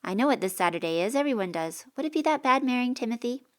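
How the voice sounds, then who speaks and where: A woman's voice: fairly high pitch, lively intonation, fast talker, voice pushed up, lightly acted. A woman voicing an eager thirteen-year-old boy who pleads earnestly, in a storybook reading. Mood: pleading.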